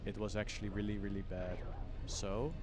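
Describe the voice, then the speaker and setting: A man with a lowish voice chats loosely on a live stream. He rambles, mocks himself and swears in passing. Soft music sits faintly behind him. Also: flat delivery, moderate pace. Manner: rambling, self-mocking, casual swearing. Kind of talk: casual live-stream chat.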